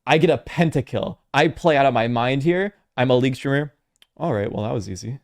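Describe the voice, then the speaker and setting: A man imitating a bored male gaming streamer who gives flat, unexcited play-by-play. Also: medium pitch, a little fast, dry recording, clean studio sound, natural voice. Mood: deadpan.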